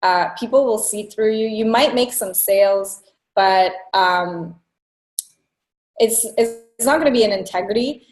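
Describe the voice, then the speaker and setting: A woman's voice: mid-range voice, roomy sound, low-quality recording. Blunt, swearing woman business coach. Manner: blunt, swears freely, fast asides. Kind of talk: casual coaching talk to students.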